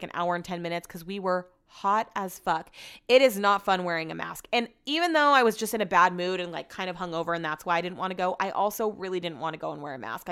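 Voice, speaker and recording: A woman's voice: medium pitch, a bit bright, clear, resonant tone. A woman hosting a podcast, telling a story in a chatty, sarcastic way and swearing freely. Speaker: podcast host.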